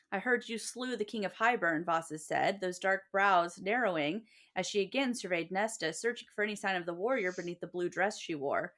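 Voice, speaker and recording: A woman's voice: fairly low pitch, fairly bright tone. A woman co-hosting a book podcast, reading passages aloud with brief casual asides. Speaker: podcast co-host.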